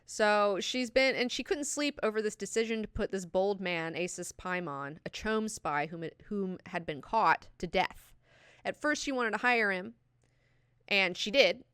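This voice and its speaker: Female book club host, casual and swearing, bright crisp voice. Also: medium pitch, unhurried, dry recording, studio quality. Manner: animated, profane, lots of fillers.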